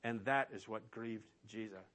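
A man's voice: fairly low pitch, a little slow, fairly bright tone. A man preaching a sermon as pastor, emphatic and asking rhetorical questions of his listeners.

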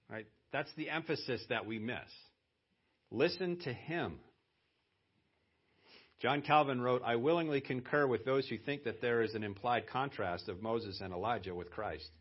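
A man's voice: medium pitch, breathy edge. A man preaching a sermon as pastor, talking conversationally and then pressing hard on key words for emphasis. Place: church. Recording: dull lo-fi church sermon audio.

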